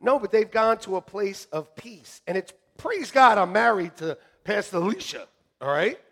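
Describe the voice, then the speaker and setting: Animated high-voiced preaching man. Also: normal speed, gravelly. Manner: animated, jokey, swings from shouting to hushed. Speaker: pastor. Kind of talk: sermon. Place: church sanctuary.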